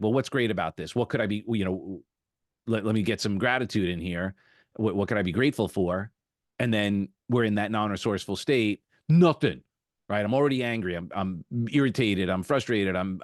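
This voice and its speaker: A man's voice: fairly low pitch, dry recording. Reflective male podcast host, dry sound. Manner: reflective, storytelling with acted quotes. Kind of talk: conversational interview.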